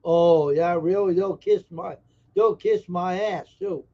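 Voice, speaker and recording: A man's voice: high voice, takes it slowly, muffled recording. A man hosting a casual live stream, joking brashly and teasing viewers in chat. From Massachusetts.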